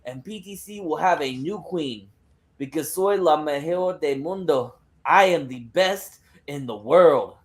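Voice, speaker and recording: Cocky female wrestler promo, loud and crowd-baiting, sprinkled with Spanish shouts; male performer. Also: fairly high pitch, unhurried, natural voice. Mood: defiant.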